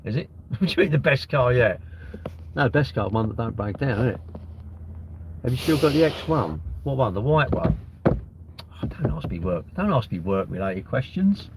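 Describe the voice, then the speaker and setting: A man's voice: on the low side, slight background noise. A young man hosting a casual livestream, reading out comments and bantering with sarcastic, rambling jokes. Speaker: livestream host.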